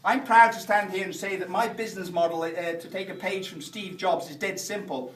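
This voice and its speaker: Speaking briskly in a voice that sits high, a middle-aged man from England delivers a funny after-dinner speech to an audience in a function hall, yelling punchlines as people laugh. A distant mic picks him up in the echoey, noisy room.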